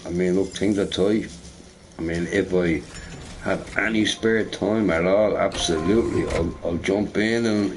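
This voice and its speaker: Low-pitched and somewhat dark in tone, a man rambles casually as he streams a game, swearing and frequently tacking on "right?" Game audio plays behind him in a noisy recording.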